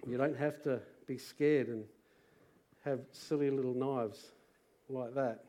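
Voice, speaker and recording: A middle-aged Australian man preaching to a church congregation, moving from quiet personal testimony to loud rallying calls. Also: medium pitch, steady tone, slow pace. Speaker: pastor. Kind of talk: sermon testimony. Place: church service.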